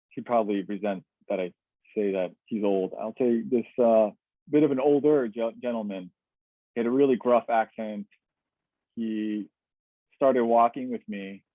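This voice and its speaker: A man's voice: on the low side, no echo. A man telling a personal story as a webinar guest, candid and reflective, with many fillers and restarts. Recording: tinny dry webinar audio.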